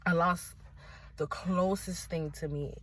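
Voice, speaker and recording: A woman's voice: on the low side, fairly even intonation, takes it slowly. A young woman talking in a car, sharing a personal story while holding back tears, rambling with many fillers and restarts. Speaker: vlogger. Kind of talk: personal confessional vlog. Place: parked car.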